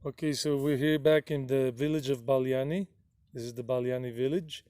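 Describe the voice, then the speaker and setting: A man's voice: medium pitch, steady tone, moderate pace, mellow, smooth, no echo. A man narrating his travel footage in a casual vlog, gushing and rambling and often repeating himself. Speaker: travel vlogger.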